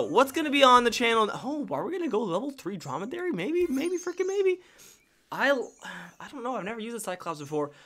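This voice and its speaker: Animated man playing and joking aloud. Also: on the high side. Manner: animated, jokey, talks to the game pieces. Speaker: gaming YouTuber. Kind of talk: casual gameplay commentary.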